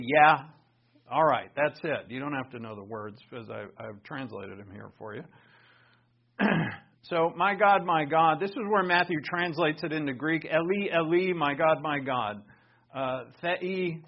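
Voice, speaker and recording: Animated man teaching a sermon lesson. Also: fairly high pitch, creaky. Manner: animated, conversational, rising for emphasis. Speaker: pastor teaching. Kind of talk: sermon-style Bible lesson. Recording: dull lo-fi recording.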